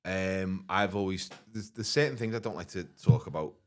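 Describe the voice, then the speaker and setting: A man's voice: low-pitched, moderate pace. A man co-hosting a pub podcast, making dry, playful wisecracks in casual banter. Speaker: podcast co-host.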